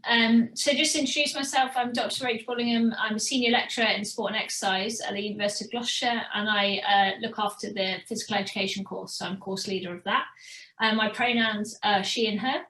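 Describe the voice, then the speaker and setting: A woman senior lecturer introducing herself on a panel, friendly and clear. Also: on the high side, steady tone, quick pace, bright, forceful tone, roomy sound, low-quality recording. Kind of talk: panel discussion.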